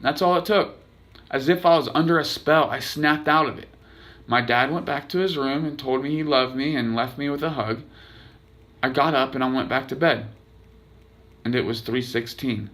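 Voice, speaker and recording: Bright-voiced man reading his own story. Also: mid-range voice. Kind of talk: reading a personal story aloud.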